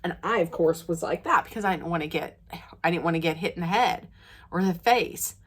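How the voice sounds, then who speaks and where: A woman vlogger telling stories to the camera in a casual way, laughing often, her voice jumping high and loud when she gets excited. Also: brisk, breathy edge.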